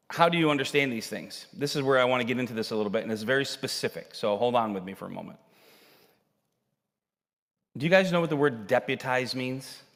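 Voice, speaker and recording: A male pastor preaching a sermon, telling Bible stories with animated acted-out dialogue. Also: medium pitch. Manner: animated storytelling, acting out characters' lines. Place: church sanctuary. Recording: long hall reverb.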